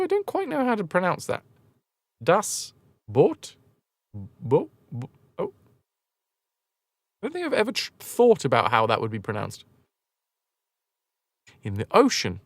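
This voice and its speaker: Animated, swearing British man streaming at home. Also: fairly high pitch, dry recording, clean studio sound. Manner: animated, joking, swears freely. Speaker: game streamer. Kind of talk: casual livestream chat.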